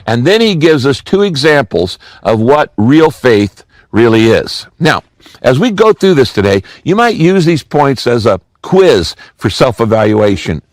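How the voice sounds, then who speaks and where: A man's voice: mid-range voice, sing-song, unhurried, dry recording. An older man giving a sermon as pastor, teaching through a scripture passage and repeating key phrases for emphasis.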